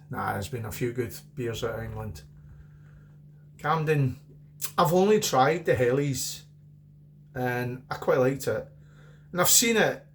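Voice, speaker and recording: A man's voice: on the high side, slight background noise. A middle-aged Scottish man chatting casually through a beer review, rambling and repeating himself.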